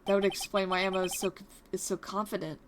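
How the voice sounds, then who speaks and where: A woman's voice: mid-range voice, level tone, fast, noisy background, lightly acted. A woman reading the lines of an earnest young male defense attorney from a game, questioning and eager, with game music behind. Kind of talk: reading game dialogue aloud.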